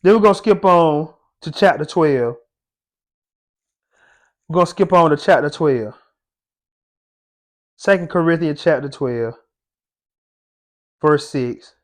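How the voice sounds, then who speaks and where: A man's voice: on the high side, slow pace, long pauses. Fervent young man preaching devotionally. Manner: fervent, preacher-like, casual slang. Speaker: faith content creator. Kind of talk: impassioned devotional talk.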